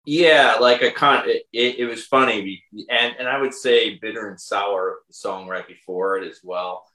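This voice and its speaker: Man, low voice, bright tone, halting casual talk, echoey room. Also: steady tone. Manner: hesitant, full of restarts and fillers. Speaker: songwriter and bandleader. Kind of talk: casual conversation about an album.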